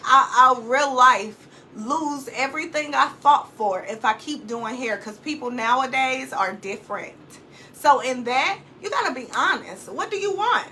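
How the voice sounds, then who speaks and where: High, bright-voiced woman life coach. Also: unhurried, slight background noise. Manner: animated, repeats key phrases for emphasis. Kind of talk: motivational vlog talk. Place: home office.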